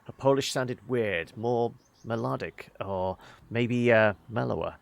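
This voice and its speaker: A man reading a visual novel aloud, halting, with many fillers and self-corrections. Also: mid-range voice, vocal fry. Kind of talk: reading game text aloud with asides.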